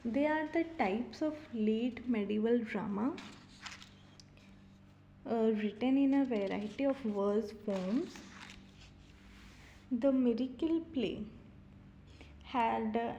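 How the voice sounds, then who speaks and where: Slow, careful woman reading lecture notes. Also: fairly high pitch, mellow, slight background noise. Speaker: teacher. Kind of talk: exam-prep lecture read from notes. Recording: dull lo-fi recording.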